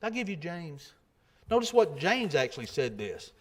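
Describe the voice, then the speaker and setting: A man's voice: a little high, sing-song, normal speed. A man preaching a sermon in a conversational way, often repeating himself and asking rhetorical questions.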